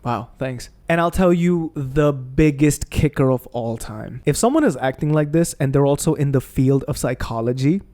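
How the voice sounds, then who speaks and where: A man's voice: medium pitch, normal speed, few pauses, mellow. A young man venting heatedly, with plenty of swearing, while playing a video game. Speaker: gaming video creator.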